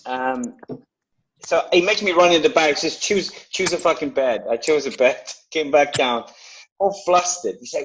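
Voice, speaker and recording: A man, an actor guest, telling a lively anecdote in casual talk on a video call, swearing freely. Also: fairly high pitch, moderate pace, dull audio, background noise. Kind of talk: casual storytelling.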